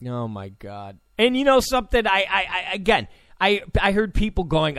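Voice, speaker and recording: A male talk show host delivering an incredulous, sarcastic rant, repeating himself and breaking into sudden shouts. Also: high voice, big pitch swings, normal speed, clean tone, no room sound. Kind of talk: ranting commentary. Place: Los Angeles.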